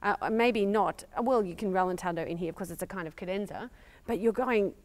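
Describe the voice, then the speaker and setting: A woman's voice: mid-range voice, quick pace. A woman with an Australian accent teaching a violin master class, asking probing questions and singing phrases aloud. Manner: encouraging, questioning, sings phrases.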